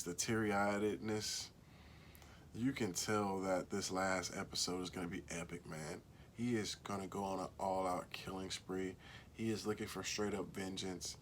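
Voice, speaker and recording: A man's voice: lowish voice, fairly bright tone, a little hiss or hum. A man hosting a casual solo TV-recap video, laid-back and conversational, often asking viewers what they think. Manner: laid-back, says "man" and "y'all" constantly; asks viewers questions directly. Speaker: show recap host.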